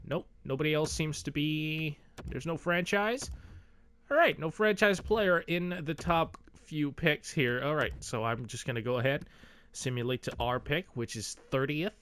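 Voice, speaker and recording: A young man with a fairly high voice talks his way through a video game draft, bouncing between excitement and grumbling. He chats to himself and swears casually. The sound is dry and close, with no room around it. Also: no echo. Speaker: gaming YouTuber.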